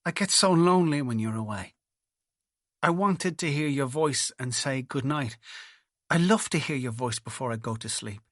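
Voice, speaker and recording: A man's voice: mid-range voice, animated, moderate pace, fairly bright tone, no room sound, clean studio sound. A man voicing an anxious, tearful young wife who pleads and clings, read as audiobook dialogue. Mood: pleading.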